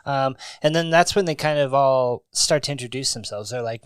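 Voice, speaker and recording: A man's voice: medium pitch, normal speed, clean tone, dry recording. A man co-hosting a casual movie podcast, telling laid-back stories and laughing at his own jokes. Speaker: podcast co-host. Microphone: studio microphone.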